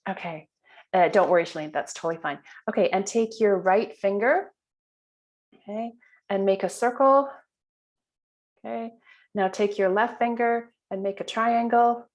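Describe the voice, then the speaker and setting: A woman's voice: mid-range voice, moderate pace, pauses often. Chatty woman leading an online workshop. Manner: chatty, with many fillers and restarts. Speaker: workshop trainer. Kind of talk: online training session. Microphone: video call.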